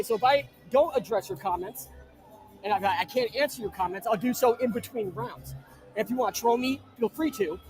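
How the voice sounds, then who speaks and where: A man from New Jersey hosts a live chat stream from inside an arena, his voice pitched unusually high. He reads viewer comments and trades crude, brash jokes with them. Faint music plays underneath. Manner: brash, crude joking shout-outs. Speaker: livestream host.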